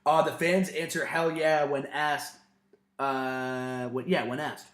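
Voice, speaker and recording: A man co-hosting a podcast, recapping in casual chat, animated and swearing freely. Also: mid-range voice, takes it slowly. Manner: animated, swears freely, acts out quotes in loud bursts. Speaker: podcast co-host. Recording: roomy echo.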